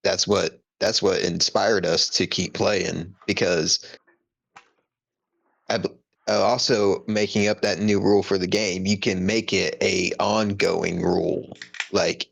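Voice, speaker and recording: A man with a low, gravelly voice full of fry talks in a relaxed podcast chat. He is laid-back and pokes fun at himself. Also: takes it slowly. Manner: laid-back, self-deprecating, swears. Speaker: podcast co-host. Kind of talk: casual storytelling chat.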